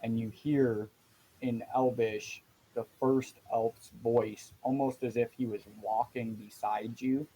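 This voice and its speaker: Slow, flat-voiced man running a tabletop game. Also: medium pitch, a little hiss or hum, poor audio. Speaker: dungeon master.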